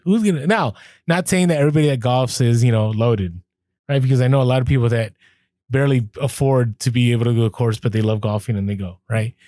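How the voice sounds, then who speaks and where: Lively man telling a thrifting story. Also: mid-range voice, fast talker, no echo, studio quality. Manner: animated, laughs through stories, acts out quoted lines. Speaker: podcast co-host. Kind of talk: casual storytelling chat.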